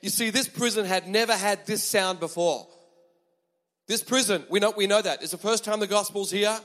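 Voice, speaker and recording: A man preaching a sermon, emphatic and animated, with chatty asides to the congregation. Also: high-pitched, normal speed, long reverb tail.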